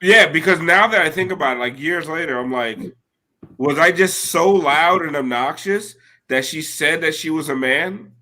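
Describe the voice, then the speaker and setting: A man's voice: a little high, normal speed, pushed and bright. A man in his late thirties telling a rambling, profane story in casual chat as a podcast co-host. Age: late 30s.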